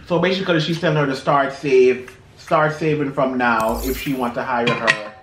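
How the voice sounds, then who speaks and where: A man co-hosting a casual eating vlog, giving easygoing, measured opinions. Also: medium pitch, steady tone, fairly bright tone. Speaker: vlog co-host. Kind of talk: casual chat while eating. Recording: roomy echo, faint noise.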